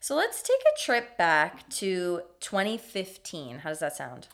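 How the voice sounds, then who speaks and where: Female co-host, lower voice, dry quips, casual podcast chat. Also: huge pitch swings, measured pace, a bit bright.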